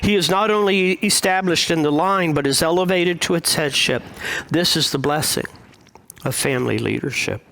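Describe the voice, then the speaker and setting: Measured, slightly high-voiced male pastor. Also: creaky, a bit bright. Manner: measured, deliberate preaching with frequent pauses. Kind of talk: sermon.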